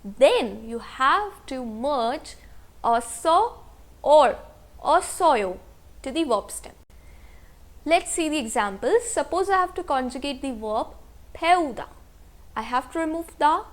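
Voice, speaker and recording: A woman teaching a step-by-step grammar lesson. She explains slowly, mixes English with Hindi and keeps checking with "okay?". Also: high voice. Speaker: language teacher.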